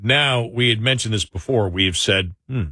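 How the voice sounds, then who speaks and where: A man hosts a political talk show in a relaxed, conversational way, with dry humor that slips in now and then. His voice is bright and forceful. The sound is dry and close, with no room echo. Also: lowish voice, normal speed. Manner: sarcastic, conversational, self-correcting.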